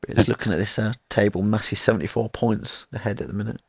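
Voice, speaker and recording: Reading chat messages aloud as he goes, a man offers casual, rambling commentary on an online racing league while getting over a kidney infection. He speaks fast in a lowish, creaky voice with a breathy edge and fairly even intonation, with no echo.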